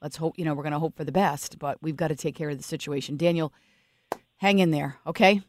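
A woman's voice: deep voice, steady tone, fast, no room sound. Host: an emphatic, sympathetic woman in a dry radio studio. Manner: sympathetic, emphatic, stumbling restarts. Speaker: radio talk show host. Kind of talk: talk radio interview.

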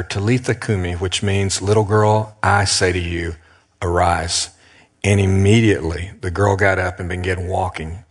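A man preaching a sermon as a pastor, earnest and emphatic, slowing down with dramatic pauses. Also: low-pitched, big-room sound.

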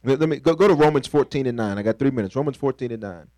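A man's voice: medium pitch, very fast, dark tone, no echo, rough recording. A pastor preaching a sermon in a conversational, playful way, calling on the congregation to finish his lines and acting out little scenes. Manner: call-and-response preaching, asks the congregation to fill in words.

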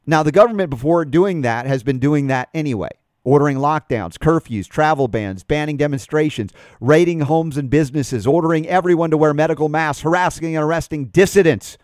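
A man's voice: on the high side, a little fast, few pauses, a little mellow, no room sound, clean studio sound. A man hosting a talk radio show, reading an article aloud and adding emphatic commentary.

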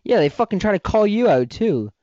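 A man's voice: high voice, very animated, fairly quick, dark tone, dull audio. A man hosting a podcast, ranting in a heated, profane, rambling way. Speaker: podcast host. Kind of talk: casual podcast rant.

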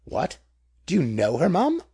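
A man voicing a huge, rough policeman in a storybook reading, blunt and savage. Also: fairly high pitch, wildly swooping pitch, normal speed, voice pushed up, full character voice. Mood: surprised.

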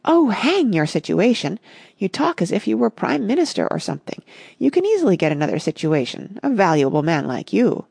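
A woman reading the part of an eager, excitable young gentleman in a storybook, brisk and exclamatory. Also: medium pitch, gravelly, slightly rough, no room sound, clean studio sound, heavily acted.

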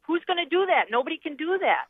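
A woman's voice: extremely high pitch, very animated, quick pace, dry recording. A woman calling in to a radio show, teasing the hosts in a playful way. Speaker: caller. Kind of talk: call-in radio chat. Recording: tinny phone line.

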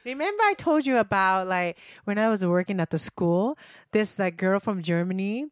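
A woman co-hosting a casual talk show, telling stories with loud laughs and non-native grammar. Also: mid-range voice, animated, moderate pace, clear, resonant tone, no echo. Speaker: podcast co-host. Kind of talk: casual chat.

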